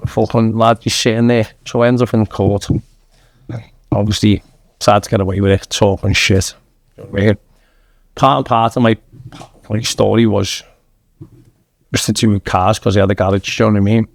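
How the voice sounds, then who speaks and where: A man's voice: fairly low pitch, fairly even intonation, moderate pace, gravelly, long pauses, no room sound. Blunt Mancunian man in his thirties. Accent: Manchester. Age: 30s. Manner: blunt, sweary, keeps saying "lad". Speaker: podcast guest. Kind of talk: casual storytelling.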